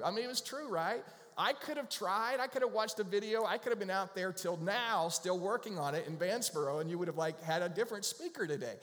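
A pastor preaching a sermon, telling stories in a conversational way. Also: male voice, high-pitched, a little fast, fairly bright tone. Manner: conversational storyteller. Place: church sanctuary. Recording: long reverb of a large hall.

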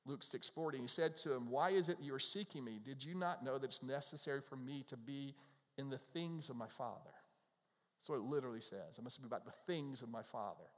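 Brisk and mid-range, a middle-aged pastor delivers an informal, conversational sermon in church, regularly voicing characters from the scriptures. A long church-hall reverb trails his words.

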